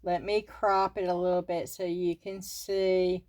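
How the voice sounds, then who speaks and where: An older Southern woman chats through a craft unboxing, giggling and calling her viewers y'all. She talks at an unhurried, drawn-out pace. The sound is close and dry, with no room around it. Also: on the low side, level tone, a little mellow, dry recording. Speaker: craft channel host. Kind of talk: casual unboxing chat.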